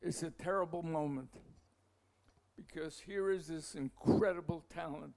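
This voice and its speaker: Slow, mellow man telling a story. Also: fairly high pitch, vocal fry. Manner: halting, many restarts and fillers; asides to the audience. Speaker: masterclass speaker. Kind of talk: rambling anecdotal lecture.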